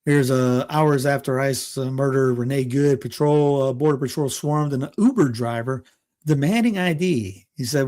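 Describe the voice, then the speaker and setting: A man's voice: mid-range voice, moderate pace, mellow. A man hosting a casual political news rundown, reading headlines aloud and breaking off into sarcastic asides with small chuckles and restarts. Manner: frequent restarts and filler words. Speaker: political commentary host.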